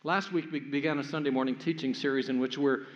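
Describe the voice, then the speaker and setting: A man's voice: medium pitch, fairly even intonation, fast talker. An older man preaching a sermon as pastor, telling a family story in a church. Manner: storytelling, acts out family voices. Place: church sanctuary. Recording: echoey hall, dull sound.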